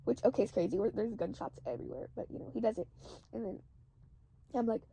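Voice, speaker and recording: A woman's voice: a little high, fast, gravelly, mellow, slightly rough. A woman casually recounting a dream, rambling and saying "like" constantly.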